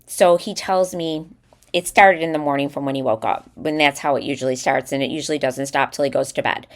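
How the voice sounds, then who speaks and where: A woman in her thirties with a low, brisk voice co-hosts a casual podcast. She tells animated stories about her kids, acting out her son's lines as she goes.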